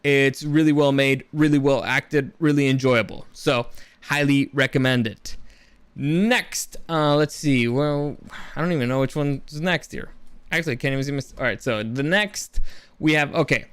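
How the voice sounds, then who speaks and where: This casual film review comes from a young man whose medium-pitched voice is smooth and a bit bright, at normal speed with no echo. He is enthusiastic and rambling, with many restarts.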